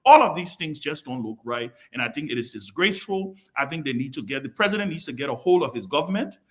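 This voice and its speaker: Lively high-voiced man. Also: fast talker. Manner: emphatic, repetitive, scolding. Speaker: panel show chairman. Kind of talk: political talk show commentary.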